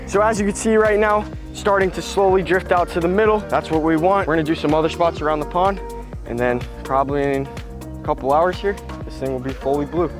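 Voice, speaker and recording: A young man filming a casual vlog in his backyard, excitable and slangy, talking straight to his viewers. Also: on the high side, a little fast, over music. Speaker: vlogger. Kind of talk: casual outdoor vlog narration. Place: backyard outdoors.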